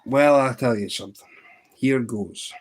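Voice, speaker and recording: A man's voice: medium pitch, a little slow. A man with a Scottish accent telling long rambling jokes on a livestream, restarting lines as he goes. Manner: rambling storyteller, restarts and says "says" often. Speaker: fly tying livestreamer. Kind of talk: casual joke telling on a livestream.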